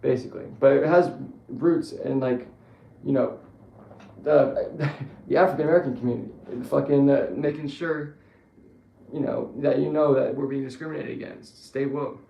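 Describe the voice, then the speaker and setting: A man's voice: medium pitch, fairly even intonation, moderate pace, vocal fry, highs cut off. A man giving a rambling, profane political monologue who keeps correcting himself. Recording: echoey room with faint ambience.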